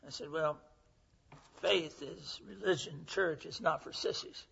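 Earnest elderly preacher, husky. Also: male voice, a little high, measured pace, a bit bright. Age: 80s. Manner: folksy, earnest, acts out quoted voices. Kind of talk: sermon with storytelling. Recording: muffled lo-fi recording.

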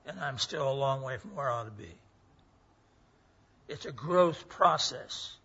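A man in his 80s delivers an earnest, folksy sermon full of stories, acting out the voices he quotes. His mid-range voice is expressive, a little slow, sharp-toned and slightly rough. The recording is muffled and lo-fi.

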